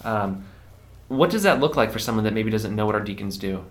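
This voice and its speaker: A woman's voice: very deep voice, lively intonation, a little fast. A woman hosting a church podcast, steering a casual conversation by prompting her guest with questions. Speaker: podcast host.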